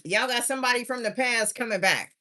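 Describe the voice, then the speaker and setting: Tired woman tarot reader on a live stream, sing-song and chatty, bright-toned voice. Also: a little high, a little fast. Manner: chatty, drawling, sing-song refrains, laughs to herself. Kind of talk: casual livestream tarot reading.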